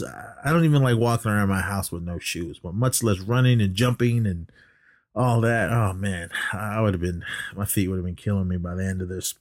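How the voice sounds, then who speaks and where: A man's voice: on the low side, no echo, studio quality. A man co-hosting a podcast, recapping a movie in a casual, rambling way with lots of fillers and restarts, coughing now and then. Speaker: podcast co-host.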